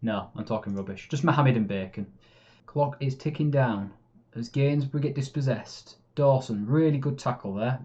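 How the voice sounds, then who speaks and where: A man talks over his own game, narrating plays as they happen in a chatty, easily frustrated way. His voice sits at an average pitch with a mellow, dark tone. The recording is a bit muffled and lo-fi, like a basic home mic. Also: moderate pace. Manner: chatty, swings between calm and exasperated. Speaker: gaming YouTuber. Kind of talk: live game commentary.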